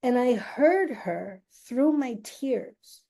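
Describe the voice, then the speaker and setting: A middle-aged woman hosting her own show, slowly and earnestly telling a personal story in a confiding way. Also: a little high, animated, mellow. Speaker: host.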